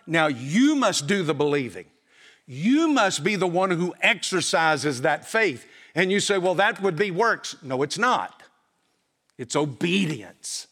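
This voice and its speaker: High-voiced preacher, emphatic and questioning. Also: male voice, fairly bright tone. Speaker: pastor. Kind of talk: sermon. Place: church.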